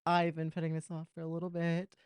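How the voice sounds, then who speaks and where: A woman who is a podcast guest in casual chat, sassy and excitable. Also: fairly low pitch, quick pace, clear, resonant tone, no room sound.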